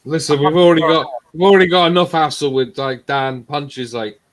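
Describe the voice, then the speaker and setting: A man's voice: fairly high pitch, steady tone, crowd noise. A laid-back man chatting casually with friends, calling them mate. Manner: slow, laid-back, calls people mate.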